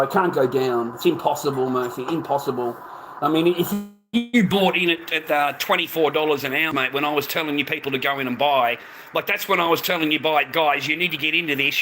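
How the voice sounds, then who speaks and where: Middle-aged man, high sharp voice, ranting and swearing at his stream chat, every line ending in "mate". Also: a little hiss or hum, poor audio. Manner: swearing, repeats "mate" constantly. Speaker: live streamer. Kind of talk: angry live-stream rant.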